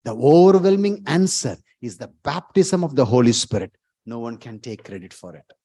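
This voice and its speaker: A man preaching a sermon as pastor, emphatic, repeating words and rising to loud exclamations. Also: medium pitch, animated, normal speed, breathy edge, dry recording.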